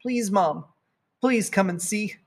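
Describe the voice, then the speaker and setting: Man doing fretful little girl, high, pleading, storybook. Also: slow pace, exaggerated voice. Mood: anxious. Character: anxious little girl, dramatic and insistent. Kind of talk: storybook reading.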